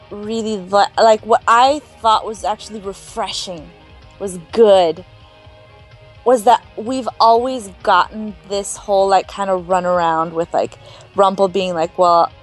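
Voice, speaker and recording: A woman co-hosting a podcast, giving her take in animated, opinionated casual chat and quoting characters' lines. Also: medium pitch, slow, faint music behind. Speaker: podcast co-host.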